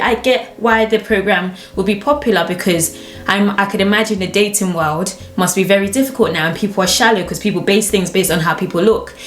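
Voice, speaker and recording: Chatty young woman vlogging in a roomy space. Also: mid-range voice. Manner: chatty, expressive storyteller who laughs easily. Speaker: channel host. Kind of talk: casual vlog chat to camera. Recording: roomy echo with faint background music.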